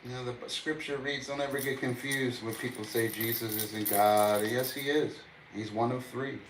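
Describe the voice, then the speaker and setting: A man's voice: medium pitch, steady tone, moderate pace, background noise. A man livestreaming in a casual, boastful, preachy way, quoting scripture at length.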